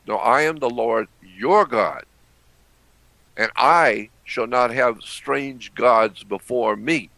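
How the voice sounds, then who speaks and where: A man giving a deliberate explanatory lecture, repeating phrases and clearing his throat often. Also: lowish voice, a bit bright, dry recording.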